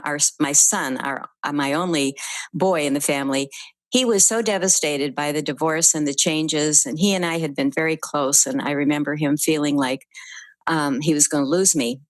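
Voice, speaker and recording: An elderly woman in her eighties speaks gently and earnestly, with soft laughs and pauses, as she shares memories. Her voice sits low for a woman. The sound is dry and close, with almost no room echo. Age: 80s. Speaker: guest, writing teacher and author. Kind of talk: reflective personal storytelling.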